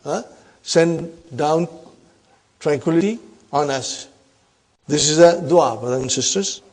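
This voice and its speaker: Teacher quizzing his class, mellow voice. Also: fairly high pitch, slow. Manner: explains and quizzes students with frequent "huh?". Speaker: Arabic teacher. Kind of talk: classroom grammar lesson.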